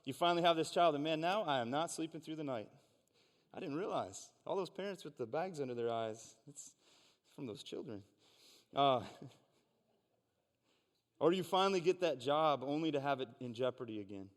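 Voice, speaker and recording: A man's voice: fairly high pitch, lively intonation, normal speed, long pauses, big-room sound. A man preaching a sermon, reading scripture aloud and explaining it in an earnest, conversational way. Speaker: pastor. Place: church sanctuary.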